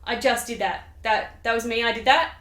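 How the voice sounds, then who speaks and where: A woman's voice: a little high, normal speed, a bit bright, natural voice. A woman voicing a blustering, guilty male king, talking in a flustered, over-explaining, mock-casual way. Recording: roomy echo.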